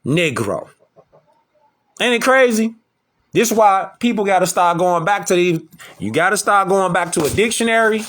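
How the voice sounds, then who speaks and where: An online lecturer with a high, fairly bright voice speaks briskly, delivering preachy commentary to camera. He lectures his audience emphatically and keeps repeating rhetorical questions.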